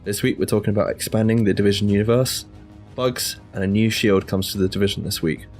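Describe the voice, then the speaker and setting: A man hosting a gaming podcast in a relaxed, joking way, swearing casually. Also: fairly low pitch, fast talker, soft background music. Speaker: podcast host.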